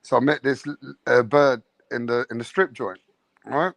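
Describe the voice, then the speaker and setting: A man's voice: medium pitch, moderate pace, creaky, no room sound. A man hosting a late-night podcast, telling a crude, swaggering story with laughter. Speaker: host.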